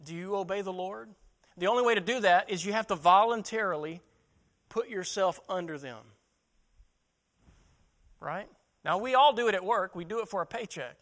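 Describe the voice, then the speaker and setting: A man's voice: high voice, moderate pace, long pauses, fairly bright tone. A man preaching a sermon as pastor, asking rhetorical questions, repeating words as he restarts, and building to emphatic peaks.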